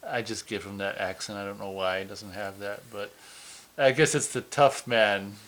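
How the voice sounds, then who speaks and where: Male co-host, lowish voice, loose rambling review chatter with easy laughs. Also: steady tone, normal speed, a bit bright, a little hiss or hum. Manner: rambling, restarts sentences, laughs easily. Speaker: podcast co-host. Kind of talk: casual movie review chat.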